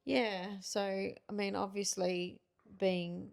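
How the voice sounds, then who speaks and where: A woman's voice: medium pitch, little pitch movement, takes it slowly, gravelly. A middle-aged woman co-hosting a casual couples podcast, talking frankly and reflectively with many fillers. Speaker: podcast co-host.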